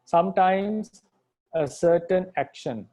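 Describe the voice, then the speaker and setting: Mellow-voiced monk patiently teaching grammar. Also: male voice, high-pitched, slow pace. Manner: patient, repetitive, restates points with "right?". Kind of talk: explanatory lecture.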